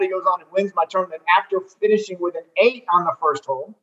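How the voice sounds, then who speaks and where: Man, high voice, chatty interview guest, muffled lo-fi audio. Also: quick pace. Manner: animated, rambling, with many restarts. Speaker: golf tournament director. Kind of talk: casual storytelling interview. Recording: dull lo-fi sound.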